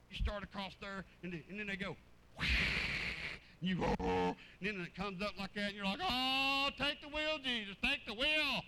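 A middle-aged man preaching informally, telling animated personal stories, acting out dialogue and repeating words as he goes. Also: sits high, slight background noise, poor audio.

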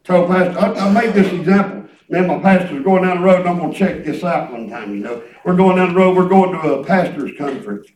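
A high-voiced male preacher talks through his message like a chat, folksy and rambling, repeating words as he goes. He sits back from the mic, and the room around him rings with echo. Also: fast, few pauses, darkish tone. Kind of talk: conversational preaching. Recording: echoey room, distant mic.

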